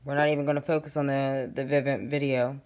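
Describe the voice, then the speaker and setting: A woman's voice: rumbling low, level tone, fast talker, a little mellow, clean tone. A woman talking casually to her viewers as a true crime vlogger, reading from case documents and making her points emphatically. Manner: chatty, addresses viewers directly, reads documents aloud. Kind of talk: casual talk to camera.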